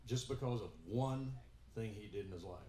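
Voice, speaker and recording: Between songs at an in-store gig, a musician with a mellow, fairly low voice tells a rambling story at normal speed, full of fillers and restarts. The room is echoey, and a guitar can be heard.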